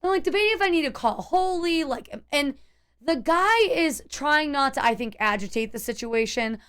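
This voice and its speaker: A high-voiced woman tells her stream chat a casual story about a tense encounter. She speaks at normal speed but in an animated rush, stumbling over restarts and leaning heavily on "like."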